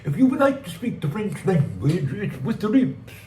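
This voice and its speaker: A man's voice: sits high, wildly swooping pitch, normal speed, mellow, a little hiss or hum. Rambling man chatting on a live stream. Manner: rambling, joking, reads chat aloud. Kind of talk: casual live-stream chat. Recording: roomy, distant mic with faint ambience.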